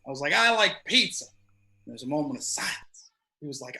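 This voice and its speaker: Bright-voiced man doing profane stand-up. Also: a little high, lively intonation, fast, low-quality recording. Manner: loose, profane storytelling with acted-out quotes. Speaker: stand-up comedian. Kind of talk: stand-up comedy set.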